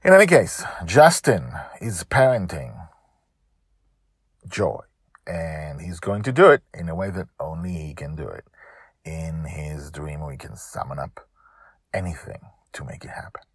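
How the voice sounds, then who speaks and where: A man who hosts a story podcast, narrating a serialized tale in an animated, expressive way and then talking casually. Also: very deep voice, a little slow, slightly rough, dry recording, clean studio sound.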